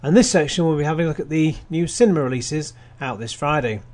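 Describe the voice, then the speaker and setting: Chatty radio host. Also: male voice, fairly high pitch, fast, a little mellow. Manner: chatty, wry asides, frequent restarts. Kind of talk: casual radio film review.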